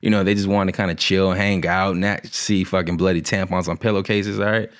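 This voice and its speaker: A man casually telling a funny personal story, profane and animated with laughing asides. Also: sits low, brisk.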